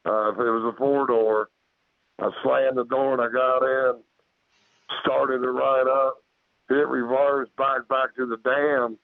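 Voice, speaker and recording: A man, a guest on a podcast, telling a story of his own encounter in a rambling way. He keeps repeating "so, so, so" and "man", and he acts out his own shouted lines louder and higher. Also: flat delivery, takes it slowly, no echo. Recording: tinny phone-like line.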